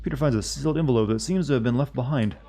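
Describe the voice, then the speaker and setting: A man's voice: mid-range voice, very fast, music in the background. Man reading game text on a stream. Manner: reads on-screen game text aloud between joking asides; casual chat with viewers. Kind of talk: live-streamed gameplay commentary.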